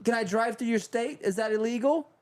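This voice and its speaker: A man's voice: very high voice, a little fast. A man co-hosting a casual talk show, ranting heatedly and profanely. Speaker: podcast co-host. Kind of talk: casual comedic rant.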